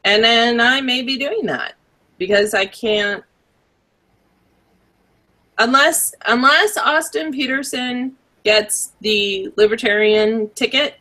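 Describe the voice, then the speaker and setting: A young adult woman co-hosting a podcast, chatting casually with animated, opinionated asides. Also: mid-range voice, slow pace, long pauses. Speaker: podcast co-host. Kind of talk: casual chat.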